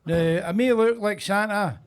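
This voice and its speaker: An older Scottish man headlining a stand-up set in a basement club, gruff and heavy with swearing. His voice sits a little high, and he bosses the crowd into joining in. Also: unhurried. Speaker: headline comedian. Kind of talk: stand-up comedy.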